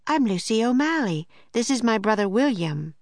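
A woman doing a polite, gentle twelve-year-old girl. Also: on the high side, very animated, moderate pace, no echo, pitched above the performer's own voice.

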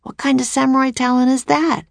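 A woman's voice: high-pitched, level tone, a little fast, creaky, dry recording, studio quality, pitched above the performer's own voice. A woman voicing a nervous young boy who speaks in an anxious, hesitant way.

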